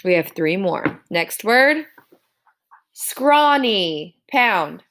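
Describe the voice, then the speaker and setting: A woman's voice: medium pitch, sing-song, extremely slow, a bit bright. A woman teacher giving a classroom spelling dictation, sounding out words syllable by syllable.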